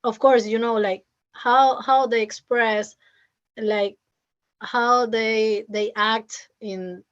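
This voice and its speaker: Halting Venezuelan woman, slow and muffled. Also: on the high side, steady tone. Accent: Venezuelan Spanish. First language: Spanish. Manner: halting, restarts often, many "like" fillers. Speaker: interview guest, former student. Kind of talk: casual interview chat. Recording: muffled lo-fi call audio.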